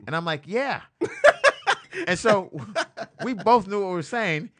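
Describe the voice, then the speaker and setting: A man telling comic stories in casual podcast talk. His voice is bright and forceful. He acts out what people said and laughs often. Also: high-pitched, measured pace. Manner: animated storyteller, laughs often, acts out quotes. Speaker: comedian guest. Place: studio, live-streamed.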